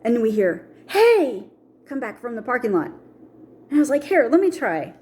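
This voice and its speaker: A woman's voice: on the high side, a little fast. A middle-aged woman telling a personal story in a vlog, acting out the voices of people she quotes. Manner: animated, acts out quoted voices. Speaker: vlogger.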